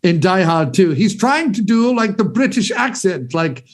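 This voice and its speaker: Very animated and high-pitched, a forties-aged man hosts a podcast at normal speed, chatting eagerly and rambling about movies with casual swearing.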